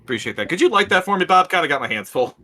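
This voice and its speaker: A man playing in a tabletop role-playing game in character, pushy and theatrical, swinging between loud and hushed. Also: high-pitched, very animated, rapid-fire. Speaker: player. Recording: music playing behind.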